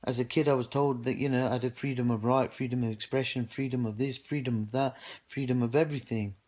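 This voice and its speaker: An indignant man with a British English accent tells his own story straight to camera, his voice sitting at an ordinary middle pitch. He talks in an aggrieved, personal way, retelling what happened and quoting his own words again and again. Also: steady tone, fast, a little mellow. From United Kingdom. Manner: indignant, recounting with repeated "I go" quotes of himself. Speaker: man speaking out on social media.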